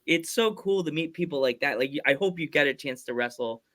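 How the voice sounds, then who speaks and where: Here a podcast host with a somewhat bright, higher-pitched voice and lively intonation tells a wandering tale during a casual interview. He acts out what others said and often halts to restart his sentences.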